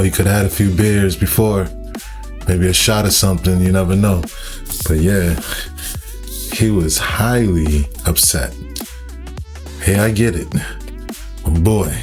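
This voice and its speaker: A male host giving relaxed, slangy commentary between clips. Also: sits low. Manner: laid-back, slangy. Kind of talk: casual commentary. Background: music.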